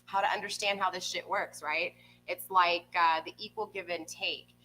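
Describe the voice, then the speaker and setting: Tarot reader, woman, chatty with viewers, low-set voice with a bright edge. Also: steady tone, moderate pace, soft background music, poor audio. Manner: chatty, keeps checking in with "okay?" and "right?". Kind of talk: live tarot reading to viewers. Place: home room with a pet nearby. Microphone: desk microphone.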